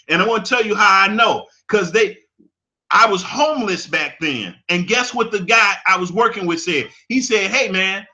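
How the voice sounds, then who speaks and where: A man's voice: high-pitched, pushed and bright, muffled recording. A man, giving an impassioned monologue that repeats phrases for emphasis. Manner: preachy, emphatic, repeats phrases, laughs at his own points. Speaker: commentator.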